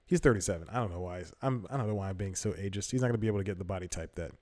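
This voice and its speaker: A man's voice: low-pitched, racing, mellow, no room sound. A young man hosting a comedy podcast, rambling through casual commentary, correcting himself and laughing often. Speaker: podcast host.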